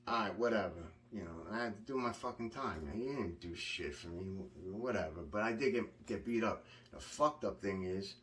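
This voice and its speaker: A low-voiced man talks bluntly and curses freely as he rambles through a story, doubling back on his words. He sits a little off from the mic, with a faint hiss of noise behind him. It is a loose monologue delivered straight to the camera. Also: expressive, normal speed, hardly any pauses, fairly bright tone, distant mic. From Long Island, New York. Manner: blunt, profane, rambling with restarts. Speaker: vlogger recounting prison experiences.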